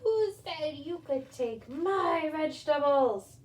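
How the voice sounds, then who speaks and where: A woman voicing a threatening old witch in a read-aloud storybook, speaking slowly and sternly. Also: fairly high pitch, dark tone, close to an everyday voice. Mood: angry. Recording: echoey room, distant mic.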